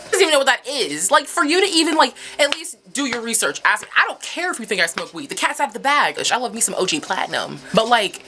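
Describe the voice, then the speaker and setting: A young woman vlogger telling a story in a casual, profane way, with sudden high yelps. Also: very animated, fast, hardly any pauses, bright, forceful tone, slight background noise. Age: young adult. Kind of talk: storytime vlog.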